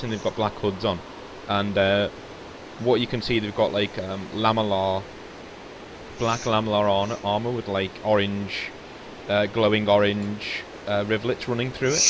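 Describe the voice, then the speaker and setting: A man narrating a tabletop game as game master, rambling with many fillers and restarts. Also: fairly low pitch. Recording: noisy home recording.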